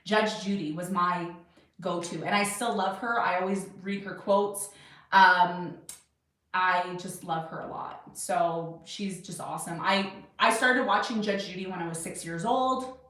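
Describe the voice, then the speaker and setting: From her desk at home, a thirtysomething woman with Jamaican, Irish and Serbian roots runs an astrology livestream, rambling confidently as she chats and takes viewer questions. Her voice is fairly low and fairly bright, with a measured pace. A webcam or desk camera picks her up from a distance in a very echoey room.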